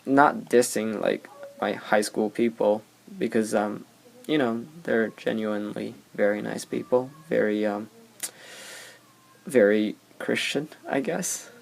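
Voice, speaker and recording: Young man rambling with a gravelly voice. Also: on the low side, steady tone, takes it slowly. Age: young adult. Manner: rambling, anecdotal, heavy on fillers. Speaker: podcast host. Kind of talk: casual storytelling podcast.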